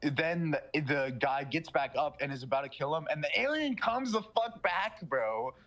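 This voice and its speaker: Excited young man telling a wild story. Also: on the high side. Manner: excited, slangy storytelling, profane; does quick mocking voices of the characters. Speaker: podcast co-host. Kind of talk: casual chat, retelling a movie plot.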